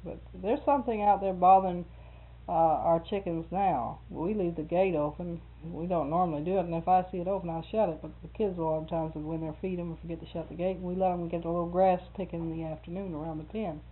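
A middle-aged woman chats casually, telling rambling stories and laughing often. Her voice is on the low side and fairly even, and she talks quickly. The recording sounds narrow-band, like a phone.

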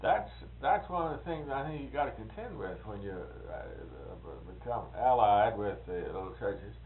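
A man's voice: on the low side, normal speed. Older guy chatting, voice jumps up and down a lot, tinny phone sound with a little hiss. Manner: lively, asks questions, short agreements. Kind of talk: casual conversation. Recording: phone-like band with faint hiss.

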